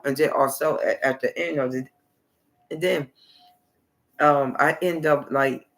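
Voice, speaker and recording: A man's voice: medium pitch, steady tone, unhurried, a bit bright. A man hosting a live video stream, talking in a rambling, repetitive way and often trailing off mid-sentence. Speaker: livestream host. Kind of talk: rambling livestream monologue.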